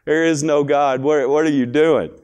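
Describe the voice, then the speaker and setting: A man's voice: a little high, fairly even intonation, moderate pace, a little mellow, clear, resonant tone, lightly acted. Man doing a mocking atheist neighbor. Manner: mocking, taunting. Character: scoffing atheist neighbor man, smart aleck.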